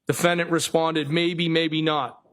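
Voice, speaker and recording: Witness: man with a fairly high voice, steady courtroom reading of texts, says "question mark" out loud. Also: unhurried, slight background noise. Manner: steady reading that speaks the punctuation and corrects typos as he goes. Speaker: trial witness. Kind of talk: courtroom testimony, reading text messages aloud.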